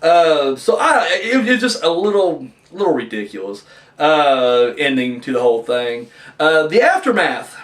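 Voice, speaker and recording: A young man hosting a casual wrestling review, ranting and swearing with lively energy. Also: on the high side, a little slow, roomy sound, distant mic. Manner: ranting, profane, animated.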